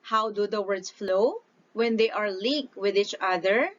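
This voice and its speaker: Slow, deliberate woman teacher. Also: medium pitch. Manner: slow, deliberate explaining, stretches syllables when reading examples. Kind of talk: recorded online lesson. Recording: dull lo-fi recording.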